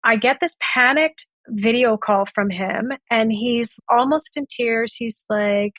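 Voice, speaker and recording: A woman's voice: a little high, slow pace, hardly any pauses, fairly bright tone, no echo. A woman guest on a podcast, retelling a past relationship and acting out both sides of the conversations. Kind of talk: storytelling in a podcast interview.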